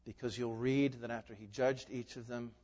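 A man preaching a sermon as pastor, emphatic, asking rhetorical questions and swinging between loud declarations and hushed asides. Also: medium pitch, steady tone, normal speed. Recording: echoey hall, dull lo-fi sound.

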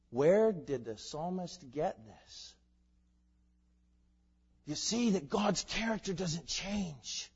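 Male pastor, sermon, fairly high voice, quiet asides building to loud emphatic peaks, muffled lo-fi sound. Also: animated, slow pace, breathy edge. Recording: long reverb, dull lo-fi sound.

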